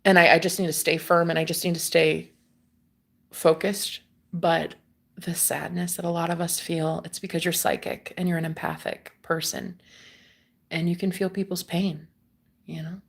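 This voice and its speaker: A woman's voice: fairly low pitch, flat delivery, moderate pace, creaky. Casual swearing young woman livestreamer. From United States. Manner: meandering, swears casually, laughs often. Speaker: livestream host. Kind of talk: casual spiritual chat to viewers.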